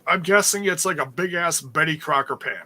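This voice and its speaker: A man's voice: a little high, brisk, sharp tone. A man co-hosting a podcast, joking and laughing in casual chat. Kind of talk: casual chat reviewing old wrestling shows.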